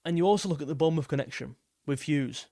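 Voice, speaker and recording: A man's voice: fairly high pitch, quick pace, warm tone, no room sound, clean studio sound. A young man hosting a live football stream, chatting casually and rambling as he reads out viewer messages. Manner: rambling, repeats himself, reads super chats aloud.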